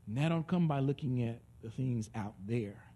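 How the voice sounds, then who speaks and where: A man preaching a conversational sermon. He is animated and joking, and swings between soft and loud delivery. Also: mid-range voice, normal speed.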